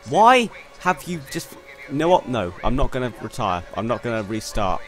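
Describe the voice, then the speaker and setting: A young man commentating on his own racing game run, excitable and quick to swear in frustration. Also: mid-range voice, faint music behind. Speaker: gaming YouTuber. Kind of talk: gameplay commentary. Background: faint game car engine noise.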